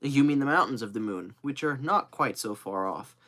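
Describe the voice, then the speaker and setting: A man's voice: mid-range voice, expressive, normal speed, pushed and bright. A man voicing a skeptical, stubborn hunter who speaks bluntly.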